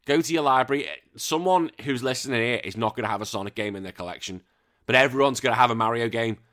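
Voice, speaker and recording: A man chats casually as a podcast host. His voice is bright and forward at a middling pitch. He rambles excitably and swears freely. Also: quick pace. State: recovering from illness. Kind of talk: casual chat.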